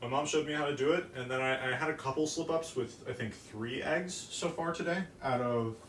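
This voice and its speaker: A teenage boy rambles through a baking live stream, mocking himself and swearing offhand. His mid-pitched voice sits back from the mic in an echoey kitchen with clear noise behind it. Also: fairly quick, fairly bright tone. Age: teens. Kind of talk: casual live-stream chat while baking. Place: home kitchen. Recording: echoey room, distant mic, noisy.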